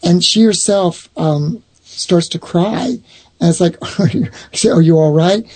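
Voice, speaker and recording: A middle-aged man telling a long personal story in casual talk, rambling and restarting his sentences, with a husky voice. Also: high-pitched, measured pace, darkish tone. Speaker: owner of a haunted box, guest.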